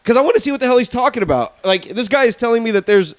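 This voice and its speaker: Speaking very fast in a very high, smooth voice, this podcast host spins a story in casual chat. He curses liberally and performs other people's quotes with lots of animation.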